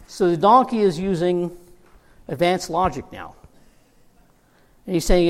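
Pastor preaching in a reverberant hall. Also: male voice, high-pitched, normal speed, pauses often. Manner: storytelling with humor, quoting characters in lively voices. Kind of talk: sermon.

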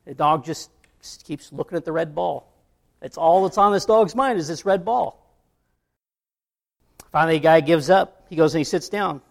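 A man's voice: fairly high pitch, normal speed, vocal fry, pauses often. A man preaching a sermon, telling an illustration story in a conversational way. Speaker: pastor.

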